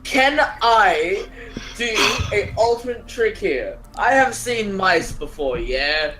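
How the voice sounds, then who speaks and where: Slow, hesitant high-voiced player. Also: male voice, lively intonation, music in the background, rough recording. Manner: hesitant, halting. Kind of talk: casual tabletop game play.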